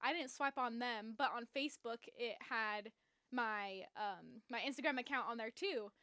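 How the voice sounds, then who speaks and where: A woman's voice: on the high side, moderate pace, bright, forceful tone, no echo, clean studio sound. A young woman co-hosting a podcast, chatting casually with lots of fillers. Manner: rambling with many fillers like "like" and "literally". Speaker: podcast co-host. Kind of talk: casual chat.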